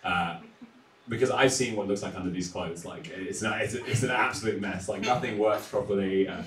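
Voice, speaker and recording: A young English man doing a stand-up set, self-deprecating, chuckling between lines and filling pauses with "uh" and "um". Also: low-pitched. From England. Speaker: stand-up comedian. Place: small comedy room on a live stream. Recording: echoey room, distant mic, audible noise.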